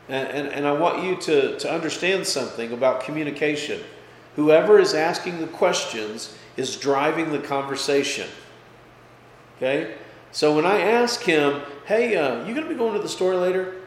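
A male pastor with a voice on the high side leads a casual, conversational Bible study, lively and frequently checking in with "okay?" and "right?". He pushes his voice up for emphasis, and the echoey hall carries faint background noise.

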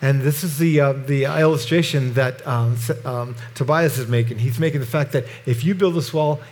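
A middle-aged man teaching through a Bible chapter verse by verse in a conversational, halting way with frequent restarts. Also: mid-range voice, a little mellow.

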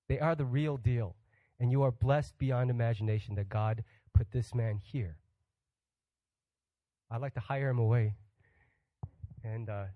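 A guest pastor preaches a sermon, joking with the congregation, putting questions to them, and acting out quoted voices with humor. His voice is mid-range, and the audio is dull with no room sound.

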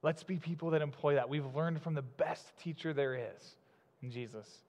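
A man's voice: a little high, a little mellow. Chatty male pastor in a reverberant hall. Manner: conversational, chatty preaching with fillers and quick laughs. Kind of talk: sermon.

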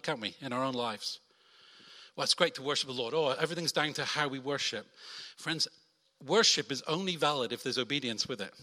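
A man preaching a sermon from the front, animated and lively, acting out quoted voices. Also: a little high. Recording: long hall reverb.

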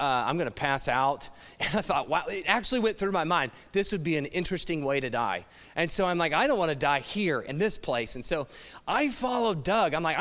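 A man's voice: on the high side, fairly bright tone. A middle-aged man, a pastor, telling a wry, self-mocking story in a sermon. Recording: long hall reverb.

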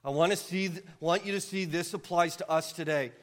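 A man preaching a sermon as pastor, impassioned and earnest, building to near-yelling and then softening. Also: a little high, a little fast.

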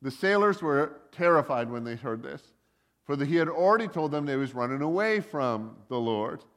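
A man's voice: fairly high pitch, animated, a little fast, fairly bright tone. Man preaching with casual jokes, hall reverb. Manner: conversational, joking asides, many likes and uhs. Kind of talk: casual sermon storytelling.

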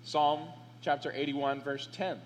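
A man with a high voice preaching a sermon at a slow, deliberate pace. He reads scripture with weight and presses his points with fervor. The recording carries a long reverb from the sanctuary and a faint hum underneath. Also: flat delivery. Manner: slow, emphatic scripture reading with rising fervor. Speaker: pastor.

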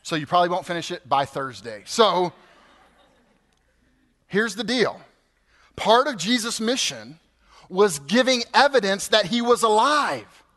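A man in his fifties, a pastor preaching a sermon, animated and building to emphatic peaks. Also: high-pitched, a little slow, pauses often. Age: 50s. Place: church sanctuary.

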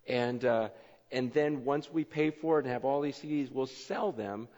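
A man preaching a sermon, telling stories in an excitable way with many fillers and restarts. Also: mid-range voice, moderate pace. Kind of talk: sermon storytelling. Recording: echoey hall, dull lo-fi sound.

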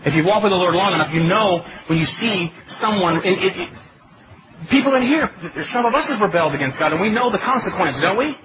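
A man's voice: high-pitched, lively intonation, brisk, dull audio, noisy background. A male pastor preaching a sermon in a pleading, emphatic way, asking his congregation questions. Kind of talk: expository sermon.

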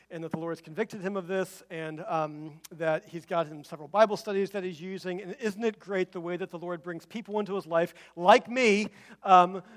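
A male pastor preaching a sermon, telling a personal story and acting out the voices of the people in it, then urging his listeners. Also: high voice. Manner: animated storytelling, acts out quoted voices; rising to emphatic exhortation.

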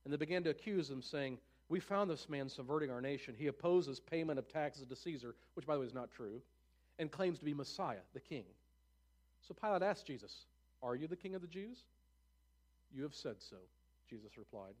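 A man's voice: fairly high pitch, lively intonation, fairly quick, a little mellow. A man preaching, reading scripture aloud and breaking in with casual, offhand comments.

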